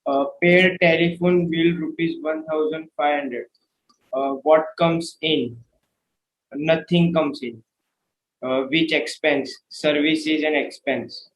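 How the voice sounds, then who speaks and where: Male student, slightly high voice, echoey, hesitant recitation in class. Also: fairly even intonation, takes it slowly, a little hiss or hum. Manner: hesitant, reciting answers with fillers.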